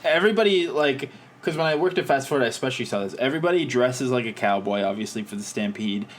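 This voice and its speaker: A man's voice: mid-range voice, animated, quick pace. A man from Calgary co-hosting a podcast, talking in a rambling, wry way and laughing easily. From Calgary, Canada. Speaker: podcast co-host. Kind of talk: casual chat.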